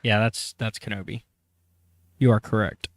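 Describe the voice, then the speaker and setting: A man's voice: on the low side, flat delivery, normal speed, dry recording. A man hosting a casual podcast, running a trivia quiz and reading quotes aloud, chatty and correcting himself as he goes. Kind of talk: casual chat.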